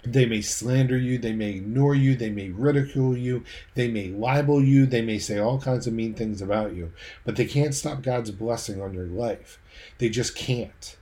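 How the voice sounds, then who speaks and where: A man's voice: mid-range voice, moderate pace, warm tone. A man preaching a sermon, leading his listeners through vividly imagined scenes.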